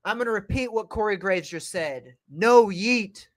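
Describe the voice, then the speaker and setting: Excitable high-pitched man calling wrestling. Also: brisk, no room sound. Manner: excited play-by-play, calling moves as they happen. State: starting to lose his voice. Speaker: livestream host. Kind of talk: live wrestling reaction commentary. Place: at home by his PC.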